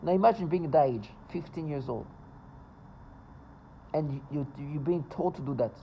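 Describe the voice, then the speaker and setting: A man's voice: fairly high pitch, normal speed, vocal fry, dark tone, a little hiss or hum, low-quality recording. A man talking to camera in a casual, rambling monologue, agitated and full of stumbles and restarts. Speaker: vlogger.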